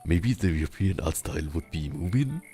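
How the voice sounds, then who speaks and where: Very deep, slow German-accented man. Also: animated, mellow, faint music behind. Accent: German, Southern German. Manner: slow, rumbly speech with long pauses; rolled R. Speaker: streamer. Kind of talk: casual chat while gaming.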